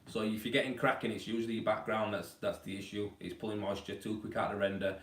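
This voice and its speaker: A man's voice: lowish voice, little pitch movement, quick pace, a bit bright. A man hosting a casual live-stream Q&A about plastering, talking in a chatty, blokey way and calling viewers mate, at home indoors. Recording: roomy, distant from the mic.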